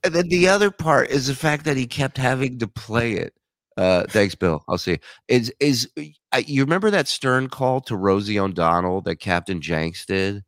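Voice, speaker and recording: A man, a show host appearing as a guest, telling stories in an animated way and laughing as he talks on a live stream. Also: medium pitch, normal speed, no room sound, studio quality. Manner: storytelling, animated, laughs while talking. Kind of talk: casual live-stream chat.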